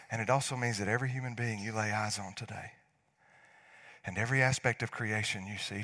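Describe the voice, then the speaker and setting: A middle-aged man preaching a sermon as pastor, moving between hushed, near-whispered lines and loud, emphatic passages. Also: fairly low pitch, normal speed, creaky, slightly rough.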